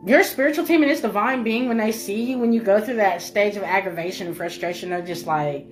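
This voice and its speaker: A woman's voice: medium pitch, fast talker, soft background music. A woman delivering a spiritual message to her viewers, emphatic and repetitive, swearing freely and calling the listener baby. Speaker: spiritual reader.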